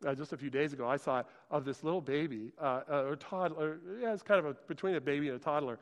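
A man preaching a sermon, retelling scripture in animated storytelling and acting out the voices. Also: on the high side, quick pace, in a large hall. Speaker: pastor.

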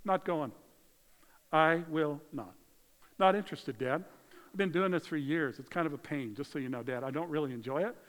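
A man voicing a grown son who bluntly refuses his father, talking loudly and dismissively, in a reverberant hall. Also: a little high, fairly quick, natural voice. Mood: defiant. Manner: blunt, dismissive, rising to shouts.

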